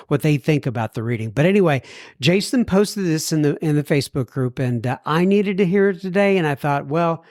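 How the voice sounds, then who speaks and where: A man's voice: on the high side, a little mellow, dry recording, clean studio sound. A man hosting a recovery podcast, reading listener mail in a folksy, self-deprecating way. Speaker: podcast host.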